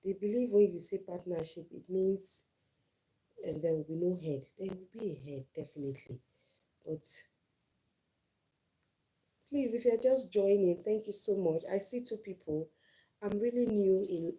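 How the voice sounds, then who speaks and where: A woman's voice: on the low side, dark tone. A middle-aged woman hosting her first livestream, telling a story and giving marriage advice in an earnest way, often repeating phrases for emphasis.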